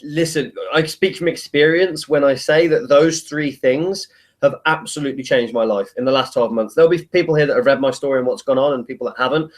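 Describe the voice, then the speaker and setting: A man hosts a relaxed interview and speaks with blunt, emphatic conviction. His enthusiasm carries through his casual, conversational talk. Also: mid-range voice, brisk. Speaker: interview host, coach.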